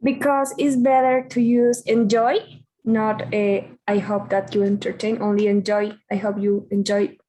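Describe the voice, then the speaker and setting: A woman's voice: medium pitch, little pitch movement, unhurried, dark tone. A woman student on a video call, answering her teacher hesitantly and reading words out carefully. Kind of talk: classroom answers.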